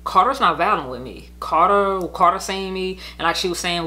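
Heated, bright-voiced woman venting. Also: lowish voice, moderate pace, hardly any pauses. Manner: rambling, profane, heated, with many "like" fillers. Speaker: podcast host telling her own story. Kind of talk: casual venting monologue.

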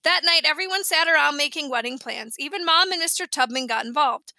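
A woman reading a children's novel aloud in an expressive, animated way. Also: sits high, brisk, hardly any pauses, dry recording. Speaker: audiobook reader.

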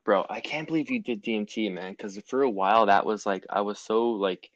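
Young guy co-host, lowish voice, slangy, dry dull mic. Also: a little fast, no room sound. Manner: eager, reactive, slangy bro talk. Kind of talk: casual podcast chat.

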